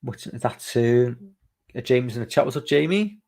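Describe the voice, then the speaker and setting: A man's voice: medium pitch, animated, moderate pace, creaky, a little mellow. A male podcast host rambling casually on a live stream, reading viewer comments aloud and swearing freely. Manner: rambling, loose, swears freely, many fillers.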